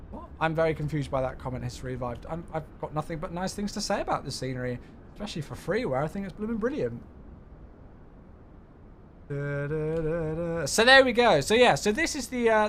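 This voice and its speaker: A man's voice: high-pitched, a bit bright, slight background noise. A man giving chatty live commentary while streaming a flight simulator and cheerfully greeting viewers.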